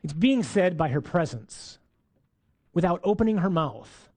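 A man giving a faith lesson on scripture, lively and playful, acting out voices in his asides. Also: high-pitched, unhurried. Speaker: teacher.

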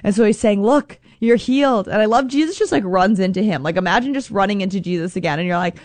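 A Catholic woman offers an earnest reflection on faith, repeating lines and voicing quotes herself as if acting them out. Her mid-range voice races along with lively intonation, and the recording has no room sound.

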